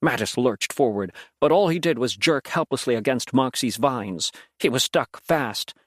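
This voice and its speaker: Reading a fantasy audiobook, a man uses an expressive, storyteller's delivery, speaking at a moderate pace in a mid-range voice.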